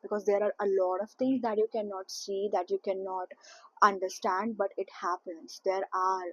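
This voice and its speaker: A woman with a mid-range voice and level tone speaks at a moderate pace in a muffled recording. As a spiritual content creator addressing the camera, she talks earnestly about spiritual growth, repeating and emphasizing each point.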